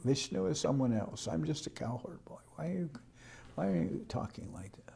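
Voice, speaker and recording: A man reading aloud puts on a young cowherd boy god, coy and playful, pretending not to understand. He swings from squeaky high questions down to hushed, mellow mutters. His denials sound innocent and teasing. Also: very animated, moderate pace, vocal fry, a little hiss or hum. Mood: coyly protesting. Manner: protesting, mock-bewildered questions.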